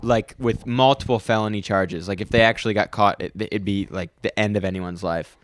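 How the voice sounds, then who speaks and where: A man's voice: fairly low pitch, steady tone, brisk. A young man co-hosting a podcast in casual chat, joking and trailing off mid-sentence. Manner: jokey, trails off mid-sentence, puts on silly voices. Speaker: podcast co-host.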